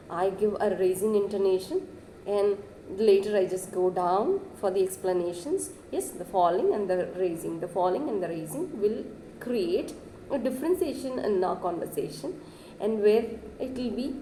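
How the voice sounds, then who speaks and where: A woman delivers a classroom lecture in a soft, mellow voice. She says "yes" again and again and lifts her pitch to stress points. The recording sounds echoey, with a faint hiss of background noise. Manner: repeats "yes" often, stresses words with rising pitch.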